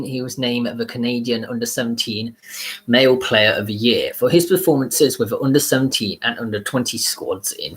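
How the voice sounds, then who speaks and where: A man's voice: medium pitch, low-quality recording. Chatty man with stumbles. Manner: chatty, frequent self-corrections and stumbles. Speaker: YouTuber. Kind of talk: casual video commentary read from notes.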